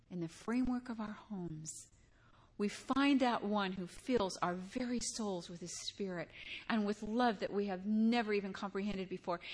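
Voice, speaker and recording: An older woman with a mid-range voice delivers a conversational sermon, weaving in personal stories and putting direct questions to her listeners.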